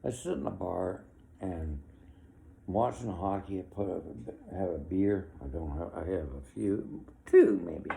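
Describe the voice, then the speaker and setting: A man's voice: sits low, measured pace, gravelly, mellow, a little hiss or hum. A man in his sixties giving an opinionated, rambling monologue, with chuckles between his complaints. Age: 60s.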